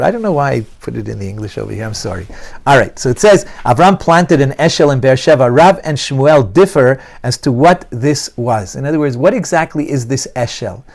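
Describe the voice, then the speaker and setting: A man's voice: fairly high pitch, a little mellow. A man teaching a Torah class to students, asking them questions and repeating key phrases as he explains a verse.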